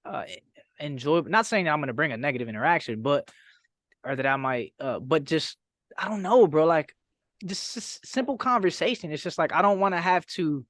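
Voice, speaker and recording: A man talking casually as a podcast guest, halting and searching for words with casual slang. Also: fairly high pitch, animated, a bit bright, dry recording, studio quality. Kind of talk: casual chat.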